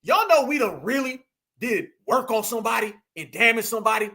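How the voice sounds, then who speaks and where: High bright guy ranting on his channel, mocking and preachy. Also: expressive, fairly quick. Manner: mocking, preachy, emphatic with asides to viewers. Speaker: commentary host. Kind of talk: heated commentary monologue.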